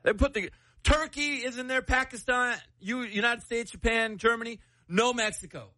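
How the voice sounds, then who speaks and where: A young man hosting a casual group chat, joking and animated. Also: extremely high pitch, moderate pace, no echo. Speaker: show host.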